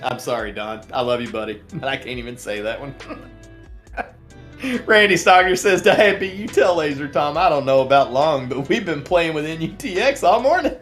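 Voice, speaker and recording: A man's voice: a little high, expressive, normal speed, fairly bright tone, faint music behind. A man hosting a live trading stream, chatting casually and reading out viewer comments, laughing often and rambling with many restarts. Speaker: livestream trading show host.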